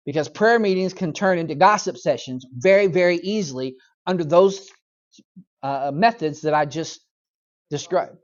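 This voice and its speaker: A man's voice: high-pitched, lo-fi sound. A male pastor leading a Bible study in church, talking conversationally, often checking in with "okay?" and briefly acting out voices. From United States.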